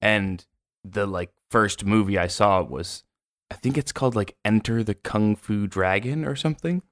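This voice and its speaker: On a clean studio recording with no echo, a male podcast co-host with a lowish, slightly bright voice talks casually at a moderate pace, spinning a rambling, filler-heavy story.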